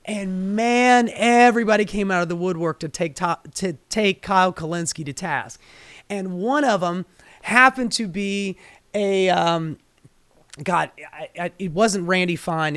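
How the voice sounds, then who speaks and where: A woman hosting her own political commentary show, delivering a profane, heated rant that swings between low muttering and loud outbursts. Her voice is getting strained. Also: a little slow, smooth, no echo.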